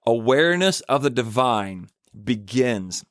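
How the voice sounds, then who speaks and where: An animated man with a medium-pitched voice speaks at a measured pace, hosting a church podcast as a minister in a clean studio with no room sound. The casual, reflective monologue is earnest and rambling, its stories marked by frequent restarts.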